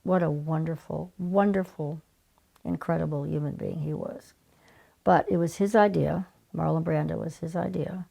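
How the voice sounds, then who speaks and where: An older woman with a deeply gravelly, rough-edged voice sitting lower than most women. She tells her stories with lively energy, slipping into the voices of the people she quotes, in a relaxed interview. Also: normal speed. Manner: animated storyteller, acts out quoted people. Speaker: guest, casting director. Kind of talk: casual interview storytelling.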